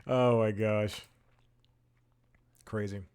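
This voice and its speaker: A man's voice: on the low side, little pitch movement, drawn-out words, darkish tone, clean tone. A man hosting a comedy podcast. He talks in a casual, rambling monologue, mocks himself, and chuckles between sentences.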